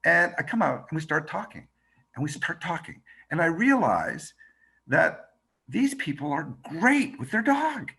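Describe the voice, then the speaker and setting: A man, a radio reporter and documentary maker, teaching a workshop by telling a fast, expressive story and acting out the quotes, over a video call. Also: a little high, creaky, slightly rough. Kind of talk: animated storytelling lesson.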